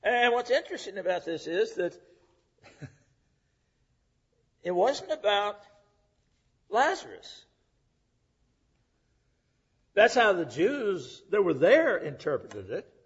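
A middle-aged male preacher delivering a sermon, rising to loud emphasis and dropping to hushed, whispered lines. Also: high voice, sing-song, slow pace, long pauses, breathy edge. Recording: dull lo-fi recording.

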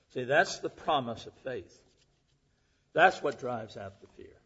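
A man preaching a sermon at a church service, earnest and emphatic, rising loud and then dropping to a hush. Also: medium pitch, lively intonation, measured pace, breathy edge, dull audio. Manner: earnest, emphatic, swings between loud and hushed. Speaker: pastor.

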